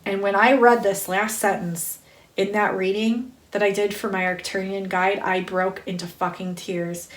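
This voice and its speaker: Excitable woman tarot reader, echoey room. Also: mid-range voice. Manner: excited, emphatic, swears often; slow reverent reading aloud of card text. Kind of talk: spiritual card reading monologue.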